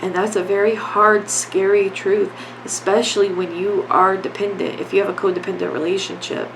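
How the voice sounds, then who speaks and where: A woman's voice: mid-range voice, level tone, normal speed, a bit bright, poor audio. Woman talking straight on her podcast, earnest, blunt, repeats herself, slight hiss behind. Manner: blunt, earnest, repetitive urging; casual, with some swearing. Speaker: podcast host. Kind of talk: solo podcast talk on grief.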